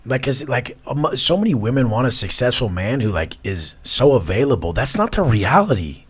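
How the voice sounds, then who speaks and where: A man's voice: mid-range voice, very animated, moderate pace, breathy edge. A man in his thirties, a podcast guest talking bluntly and intensely, swearing often. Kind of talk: casual chat.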